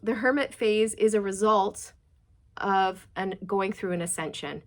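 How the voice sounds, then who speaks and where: A woman's voice: medium pitch, a little slow. Chatty woman giving a tarot reading. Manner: chatty, addresses viewers directly, frequent rhetorical questions. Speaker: tarot reader. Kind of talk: casual tarot reading to camera.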